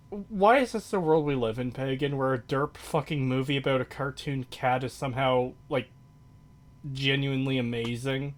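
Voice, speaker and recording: A man's voice: medium pitch, fairly even intonation, a little slow. A young man hosting a casual podcast, swearing freely and ranting in an exasperated way. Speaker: podcast host. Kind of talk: casual chat.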